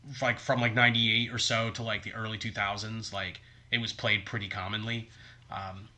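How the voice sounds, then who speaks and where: Rambling through casual chat as a podcast co-host, this man speaks at normal speed in a lowish, level voice that sounds pushed and bright. Fillers like "like" and "um" crop up constantly.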